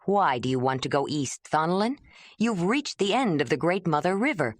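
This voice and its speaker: An earnest, protective older brother, as a woman reader puts him on, hurt yet pleading with urgency in a storybook. The delivery is low and expressive, recorded close and dry. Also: moderate pace, no echo.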